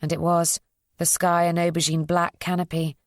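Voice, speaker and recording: A woman reading a psychological thriller as an audiobook narrator, in an even, measured storytelling voice. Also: on the low side, no room sound, clean studio sound.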